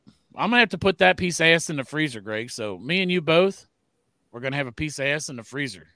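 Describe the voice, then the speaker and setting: A man's voice: a little high, animated, fast talker, pushed and bright. A man co-hosting a sports podcast, joking around in casual chat and swearing freely. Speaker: podcast co-host.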